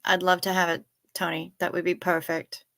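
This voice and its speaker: A woman's voice: lowish voice, little pitch movement, normal speed, creaky, a bit bright. A woman in young adulthood hosting a casual late-night livestream, chatting, reading out viewer comments and swearing freely. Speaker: livestream host.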